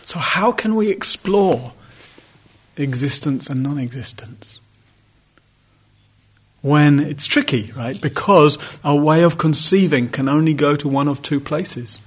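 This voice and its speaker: A man's voice: a little high, a little slow, few pauses, husky. A man giving a reflective, conversational dharma talk as a meditation teacher, with wry asides. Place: retreat center hall.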